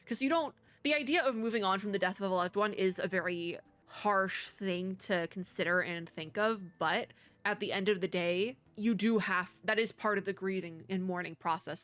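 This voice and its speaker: At home, a young game content creator with a lowish, somewhat bright voice offers casual playthrough commentary. She reflects on the game's story and reads parts of it aloud, chatty and full of filler words.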